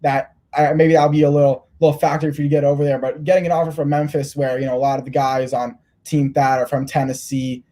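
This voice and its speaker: A man's voice: on the high side, flat delivery, quick pace, hardly any pauses, warm tone. A man interviewing a young player, rambling with lots of restarts. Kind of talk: casual interview.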